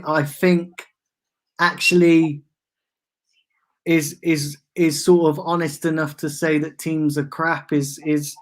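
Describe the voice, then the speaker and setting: Blunt chummy man, slightly high voice. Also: a bit bright. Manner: blunt, chummy, rants with "mate". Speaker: show host. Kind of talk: casual football chat.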